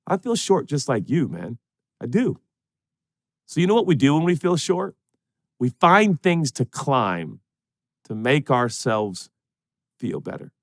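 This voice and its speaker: A middle-aged man preaching a sermon as a pastor, swinging between loud emphasis and hushed, intimate asides. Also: on the low side.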